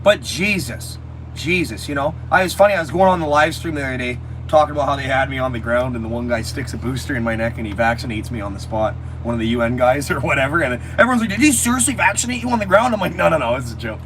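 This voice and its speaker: A man chatting on a casual livestream from a motorhome, telling animated stories with a lot of swearing and mockery. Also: medium pitch, quick pace, slight background noise, rough recording. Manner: animated storytelling, swearing, mocking. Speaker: livestream host. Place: inside a motorhome.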